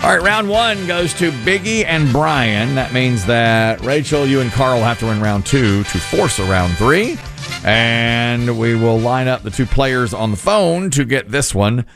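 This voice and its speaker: A man runs a game segment on radio with a lively, rising and falling pitch. His patter is quick and announcer-like, and he keeps repeating the question. Faint music sits underneath him. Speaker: radio show host running a game. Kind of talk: game-show hosting on radio.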